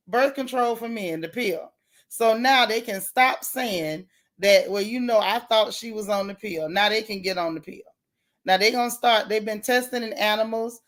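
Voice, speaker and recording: A woman's voice: fairly high pitch, fairly bright tone. A woman hosting a casual livestream, chatting with viewers by name and joking about the news in slang. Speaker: livestream host.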